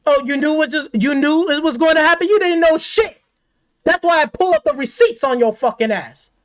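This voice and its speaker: A woman's voice: high-pitched, expressive, moderate pace. A woman gaming commentator delivering an angry, profane, confrontational rant.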